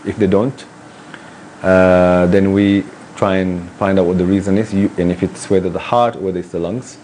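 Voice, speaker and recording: A man with a low, mellow voice speaks as a pediatric cardiologist in a hospital. He explains things in a measured way and stops often for ums and uhs. Faint noise sits under the recording. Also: little pitch movement. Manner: measured, hesitant with many fillers. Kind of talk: explaining to camera. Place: hospital in Kenya.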